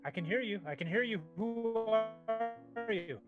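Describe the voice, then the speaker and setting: A man's voice: sits high, unhurried, narrow, tinny audio, over loud music. A man playing a tabletop game, earnest and asking many questions. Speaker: player. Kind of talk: casual tabletop game chat.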